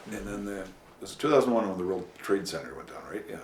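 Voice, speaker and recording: A man being interviewed as a former city official, telling long stories with many pauses. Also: low-pitched, big pitch swings. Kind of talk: anecdotal interview storytelling. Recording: echoey room, faint hiss.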